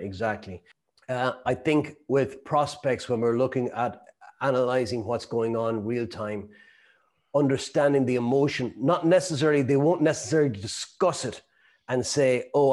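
A man's voice: medium pitch, normal speed, a little mellow. A middle-aged man teaching a sales class, telling chatty stories and acting out quotes. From Ireland. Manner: chatty storytelling with laughs and acted-out quotes. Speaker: sales trainer. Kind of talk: lecture to a live group.

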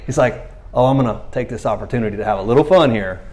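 A man's voice: a little high, very animated, fairly quick, darkish tone. A man preaching a casual, conversational sermon, telling stories animatedly and acting out quoted lines in playful voices. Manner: conversational fillers like "you know what I mean". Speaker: pastor.

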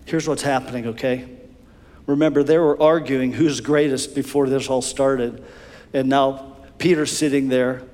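A man's voice: mid-range voice, unhurried. A man preaching a sermon as a pastor, telling the story vividly and often repeating himself. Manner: animated storytelling, repeats words. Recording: long hall reverb.

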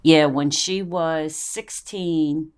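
Blunt, animated middle-aged woman. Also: deep voice, very slow, clean tone. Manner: animated, blunt storyteller with swearing. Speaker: podcast host. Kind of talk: casual storytelling chat.

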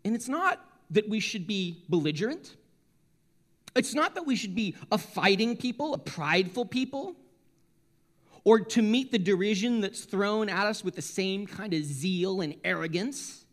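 A young man from Connecticut on the US East Coast preaches a sermon, animated and self-mocking, often restarting his sentences. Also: high-pitched.

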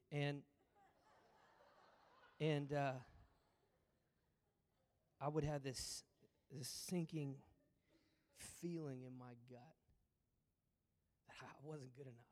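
A man preaching a sermon as pastor, moving between loud emphatic lines and hushed, almost whispered ones. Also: a little high, takes it slowly, long pauses. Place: church auditorium. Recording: long reverb of a large hall.

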